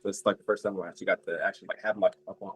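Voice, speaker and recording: An eighteen-year-old man chatting casually as a collector guest, halting and filling every pause with "like". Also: low voice, little pitch movement, fairly bright tone, husky, poor audio. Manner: halting, fills with "like" a lot. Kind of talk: casual chat.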